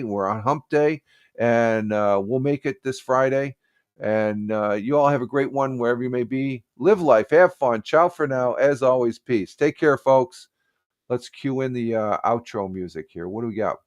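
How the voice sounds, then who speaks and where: A man's voice: medium pitch, dry recording. Rambling, friendly man hosting a live stream. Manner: rambling, many fillers and restarts; friendly shout-outs to viewers. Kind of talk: casual morning live stream chat.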